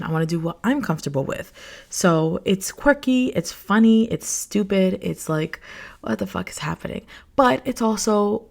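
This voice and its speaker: A woman's voice: fairly low pitch, creaky, darkish tone. A young adult woman hosting her own podcast, talking in a rambling, candid way, full of fillers and asides as she vents to the camera. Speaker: podcast host. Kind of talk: casual solo podcast chat.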